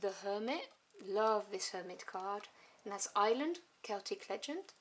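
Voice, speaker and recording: A woman casually reviewing a tarot deck at home, chatty and enthusiastic, with soft asides as she flips through the cards. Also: mid-range voice, expressive, moderate pace. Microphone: camera on tripod. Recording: noisy home recording with clicks.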